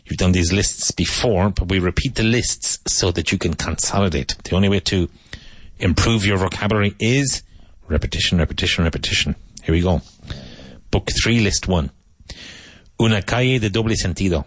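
A man from Ireland, teaching a vocabulary lesson and repeating each word slowly and clearly. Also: low-pitched, no echo. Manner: slow, emphatic repetition of each word. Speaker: English teacher.

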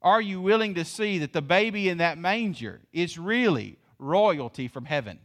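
A man's voice: sits high, animated, normal speed. A male pastor, preaching a sermon with folksy, emphatic rhetorical questions. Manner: folksy, calls the congregation y'all.

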